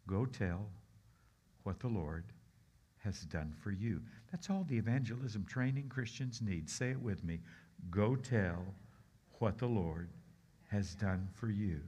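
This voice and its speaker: A man's voice: fairly low pitch, slow pace, long pauses, breathy edge. A middle-aged man preaching as a guest pastor, telling stories with animation and leading the crowd in repeating a phrase. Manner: animated, acts out voices, leads the crowd in repeating lines. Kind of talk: storytelling sermon.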